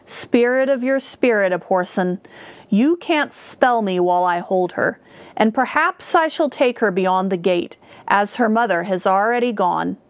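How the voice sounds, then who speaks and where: A woman voicing a towering, cruel male shadow creature in a dry, slithery, croaking voice. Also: mid-range voice, lively intonation, a little slow, dry recording. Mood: menacing. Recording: dull, dry recording.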